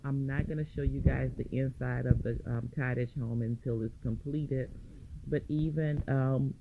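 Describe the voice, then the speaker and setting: A woman chatting excitedly to her viewers while driving through the country, calling them "y'all". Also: rumbling low, poor audio. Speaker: vlogger. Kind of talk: casual chat while driving. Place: inside a moving car. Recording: loud car and road noise.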